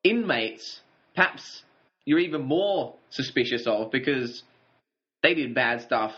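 A man's voice: medium pitch, expressive, slow pace, fairly bright tone. Guy casually recapping episodes with a buddy, wry, kinda muffled recording. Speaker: podcast co-host. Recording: dull lo-fi audio.

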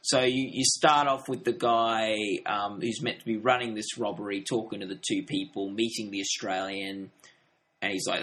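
A man's voice: lowish voice, steady tone, moderate pace, a bit bright. A man co-hosting a casual film review podcast, rambling and acting out quotes from the movie. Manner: rambling, acts out quotes with filler words.

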